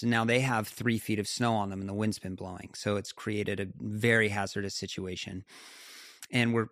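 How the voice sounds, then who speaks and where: A man, a guest in a conversation, telling a story in an animated way with quick asides and frequent laughs. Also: lowish voice, dry recording, studio quality. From United States.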